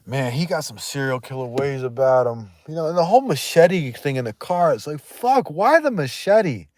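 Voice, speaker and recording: A man's voice: on the high side, animated, normal speed, darkish tone. A man hosting a livestream in loose, profane, rambling chat, laughing often and trailing off mid-thought. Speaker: livestream host.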